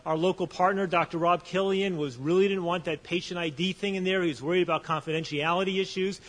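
A man's voice: high voice, fairly bright tone, big-room sound. A man speaking on a panel at a conference, telling a story with animation and often restarting his sentences. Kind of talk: conference talk.

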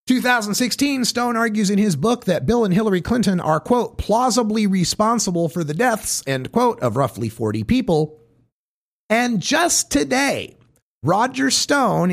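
A man with a fairly high voice that swoops up and down as he reads. He delivers pointed commentary at a measured pace, setting off each quote with pauses. His tone has a gravelly edge. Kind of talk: reading a list of quotes, commentary.

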